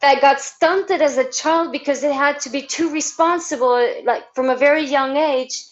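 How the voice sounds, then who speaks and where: Spanish woman guest, high voice, dull muffled line, animated storyteller. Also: moderate pace. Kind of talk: casual chat. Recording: dull, muffled remote audio.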